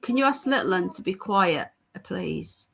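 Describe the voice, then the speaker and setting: A woman's voice: mid-range voice, animated, normal speed, gravelly, a bit bright, husky. A woman from the United Kingdom hosting a live stream from home, talking casually to viewers and reading their comments aloud. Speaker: livestream host. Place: home with a child nearby.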